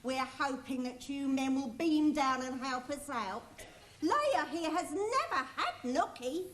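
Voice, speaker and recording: A woman's voice: high voice, animated, a little slow, a bit bright, roomy sound, slight background noise. A woman playing a pompous, formal alien envoy in a comedy sketch. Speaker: comic actor in a sketch. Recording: studio with audience laughter.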